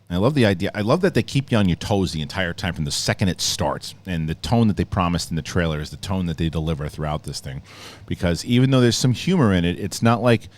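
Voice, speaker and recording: Male host, deep voice, casual rambling reviewer who retells scenes with energy. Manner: rambling, restarts often, animated retelling.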